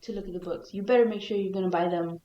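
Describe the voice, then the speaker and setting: A woman's voice: medium pitch, fairly even intonation, racing, echoey room, muffled recording, background noise. A woman co-hosting a casual podcast chat, talking playfully, laughing a lot and acting out her own thoughts. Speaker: podcast co-host.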